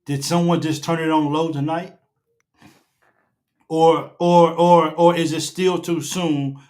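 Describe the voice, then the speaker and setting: High-voiced man ranting about his team. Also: flat delivery, takes it slowly. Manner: emphatic, preacher-like repetition, rising to near shouting. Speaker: fan show host. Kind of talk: casual sports reaction chat. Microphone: own camera setup at home.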